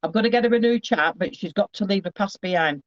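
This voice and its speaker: A man's voice: high-pitched, fast, fairly bright tone, no room sound, muffled recording. A man giving a casual psychic reading over a video call, rambling and often breaking off with asides.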